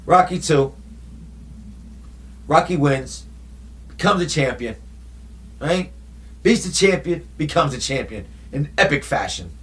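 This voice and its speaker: A man's voice: on the high side, a little slow, pauses often. Hyped guy recapping a movie, slangy, lots of "remember that?". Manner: animated, slangy, rhetorical questions. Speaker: movie commentator. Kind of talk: casual storytelling commentary.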